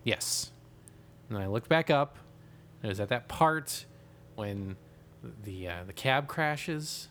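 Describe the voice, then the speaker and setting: A man with a bright, sharp voice co-hosts a relaxed comedy podcast. He jokes quickly and swears casually, and his pitch jumps around as he talks. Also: a little hiss or hum. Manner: quick, joking, swears freely. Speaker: podcast co-host.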